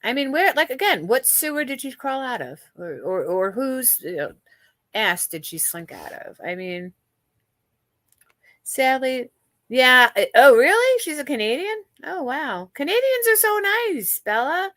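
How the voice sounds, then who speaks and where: This woman hosts a livestream, chatting and gossiping with viewers as she swears freely and restarts her sentences often. She has a high, fairly bright voice with big pitch swings and a measured pace, and there's no room sound.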